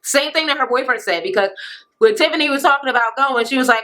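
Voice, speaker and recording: A young woman ranting through a casual reality TV recap, blunt and sassy, swearing freely and jumping into sudden high squeals. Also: quick pace, a bit bright, low-quality recording. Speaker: vlogger reviewing reality TV.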